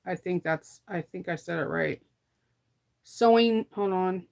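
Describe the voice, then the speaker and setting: A woman's voice: lowish voice, a little slow, gravelly, darkish tone. Chatty laughing woman, tired. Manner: chatty, laughs often, trails off mid-sentence. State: tired, recovering from illness. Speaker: sewing vlogger. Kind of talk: casual chat while sewing.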